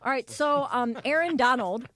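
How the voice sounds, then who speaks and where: A woman's voice: sits high, moderate pace, fairly bright tone. Upbeat woman asking sports questions. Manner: upbeat, poses questions to the group. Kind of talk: casual studio banter.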